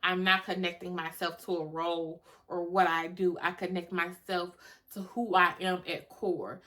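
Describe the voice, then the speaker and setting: A woman's voice: lowish voice, little pitch movement, moderate pace, pushed and bright. A young adult woman hosting a solo podcast, talking emphatically and with feeling, repeating lines for effect and cursing casually. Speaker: podcast host. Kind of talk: solo motivational podcast talk.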